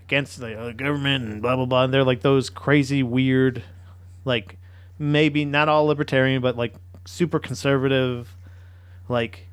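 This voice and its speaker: A man's voice: mid-range voice, steady tone, normal speed, clean tone, no echo. A man hosting a podcast in casual chat, rambling with restarts and swearing freely. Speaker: podcast host.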